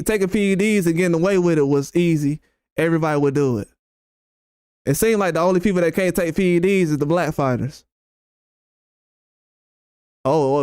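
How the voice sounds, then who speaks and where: Responding to his chat on a live stream, this boxing-channel host goes off in a heated, blunt rant peppered with profane jabs. His pitch is fairly high and his tone clean, captured at studio quality with no room sound.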